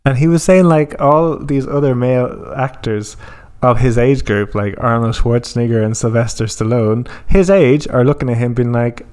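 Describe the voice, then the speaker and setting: A chatty man talking films with a friend on a podcast, quick to gossip and crack jokes. His pitch sits in an everyday middle range, neither high nor low. He sounds relaxed and conversational. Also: smooth. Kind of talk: casual film chat.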